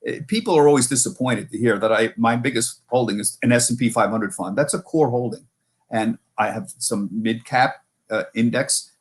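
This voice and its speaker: Middle-aged man telling stories with restarts. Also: medium pitch. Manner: storytelling with frequent restarts and self-corrections. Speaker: markets correspondent and author being interviewed. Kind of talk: casual interview talk.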